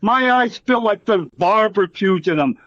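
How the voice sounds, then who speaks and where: A middle-aged former wrestler with a fairly high voice rambles through profane war stories, acting out what others said. He is recorded dry, with a slightly dull sound. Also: animated, a little slow, fairly bright tone, dry recording. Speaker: interview guest, former wrestler. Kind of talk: casual storytelling interview.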